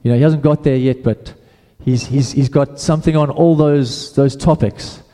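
A man's voice: medium pitch, steady tone, normal speed, dark tone, big-room sound. A man preaching a sermon in a casual, conversational way, often restarting his phrases.

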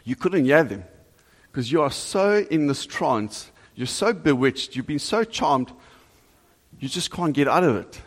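A man preaching a sermon to a congregation, earnest and animated, asking the listeners direct questions. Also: on the high side, a little slow. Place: church hall before a congregation. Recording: long reverb of a large hall.

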